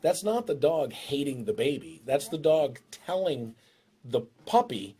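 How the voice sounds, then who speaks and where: A man's voice: animated, measured pace, warm tone, breathy edge. A middle-aged man, a dog trainer hosting his show, giving casual, joking advice on dogs and a new baby. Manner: joking, breaks into shrill impressions of owners.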